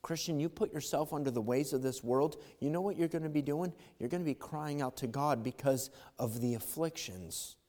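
A man preaching a fervent sermon as pastor, swinging from loud calls to quiet asides, in a church. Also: a little high, normal speed, few pauses, big-room sound.

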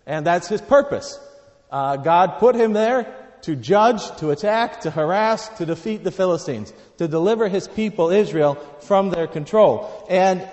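A preacher delivers a sermon in a slightly raised pitch, reading scripture aloud and shifting between hushed, low passages and loud, pressing emphasis. The long reverb of a large hall makes his voice ring out.

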